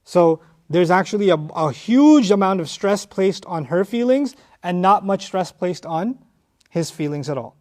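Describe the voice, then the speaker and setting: High-voiced man teaching Quran commentary. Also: expressive, measured pace, a little mellow. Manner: explains word by word, repeats key phrases, recites Arabic verses.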